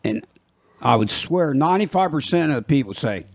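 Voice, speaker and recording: In a fairly high, expressive voice with vocal fry, an older man with a rural American twang hosts a podcast at a fairly quick pace. The dry, studio-quality recording catches him rambling through jokey stories and laughing at them himself.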